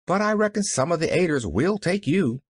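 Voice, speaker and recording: A man's voice: on the high side, sing-song, brisk, slightly rough, no room sound, studio quality, pitched above the performer's own voice. A man voicing an eager, cheerful little girl who rambles breathlessly.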